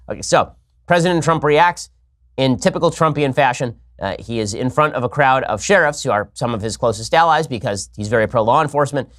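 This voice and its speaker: A man hosting a political commentary show, talking in a rapid, sarcastic, argumentative way. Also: mid-range voice, animated, a bit bright. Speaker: host.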